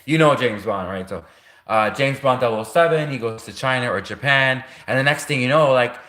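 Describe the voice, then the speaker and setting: A man's voice: medium pitch, fairly quick, fairly bright tone, reverberant. A man hosting a livestream, talking in a rambling, casual monologue full of fillers. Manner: rambling, heavy on fillers and restarts. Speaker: livestream host.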